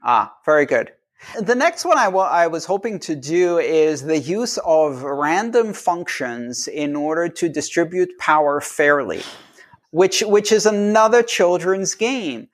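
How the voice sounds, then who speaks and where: Interviewed as a guest, this man lays out ideas plainly and animatedly, briefly mimicking the people he quotes. He speaks a bit slowly in a voice on the higher side.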